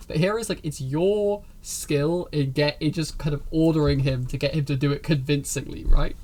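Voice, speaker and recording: A man's voice: on the high side, normal speed, darkish tone. A man narrating a tabletop game as game master, chatty with frequent restarts. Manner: chatty, many fillers and restarts.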